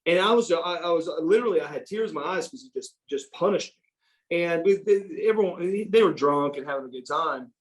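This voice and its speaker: A middle-aged man, an interview guest, telling stories in a casual, animated way, repeating words and acting out quotes. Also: on the high side, brisk. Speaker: interview guest, former pro wrestler. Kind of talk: casual storytelling.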